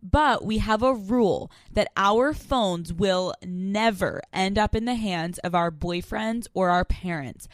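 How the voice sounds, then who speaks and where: Young female co-host, blunt, giggly, mid-pitched, dry close sound. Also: a little slow, hardly any pauses, no room sound. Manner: blunt, laughs often, animated storytelling. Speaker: podcast co-host. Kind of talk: casual chat.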